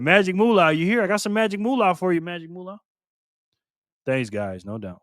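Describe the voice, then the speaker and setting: A man's voice: high voice, animated, brisk, fairly bright tone, no echo, studio quality. A man hosting a casual live stream, reading viewer comments aloud in a playful, teasing way and laughing often.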